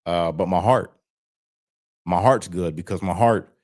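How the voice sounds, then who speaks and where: An interview guest on a video call, this parolee speaks in a low, unhurried, slightly mellow voice. He shares his story openly and plainly, swearing as he pleases.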